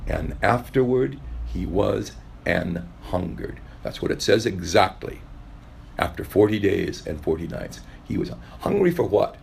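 A man's voice: low-pitched, slight background noise. A man preaching a sermon in a conversational way, now and then acting out the voices of the people he quotes. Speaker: pastor.

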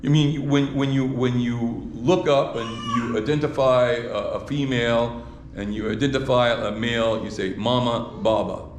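A man preaches in a mid-pitched voice, restarting phrases and putting rhetorical questions to his congregation. The sound is roomy and echoey, with faint ambience behind him. His delivery sounds like a live sermon in a church hall. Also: steady tone, normal speed, slight background noise. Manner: repeats words, asks the congregation rhetorical questions.

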